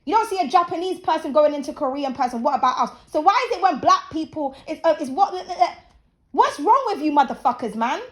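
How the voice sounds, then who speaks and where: A woman's voice: sits high, lively intonation, brisk. A woman in her thirties hosting her channel, ranting bluntly and profanely in a casual, preachy opinion talk. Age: 30s. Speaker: channel host. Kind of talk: casual opinion rant to camera.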